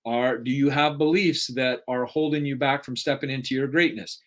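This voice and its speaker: A man's voice: medium pitch, fairly even intonation, normal speed, a bit bright. Earnest motivational man asking "right?". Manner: rhetorical, keeps adding "right?"; emotional, earnest. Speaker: motivational speaker. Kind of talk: motivational talk.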